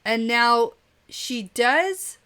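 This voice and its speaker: A woman co-hosting a podcast, chatting casually about a book with quick bursts of speech and frequent laughs. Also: fairly high pitch, expressive, pushed and bright, clean tone. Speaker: podcast co-host.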